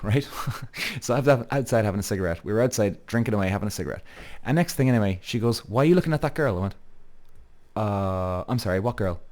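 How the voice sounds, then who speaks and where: A man's voice: lowish voice, darkish tone. A man hosting a podcast, telling a rambling personal story in a casual monologue and swearing freely. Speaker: podcast host.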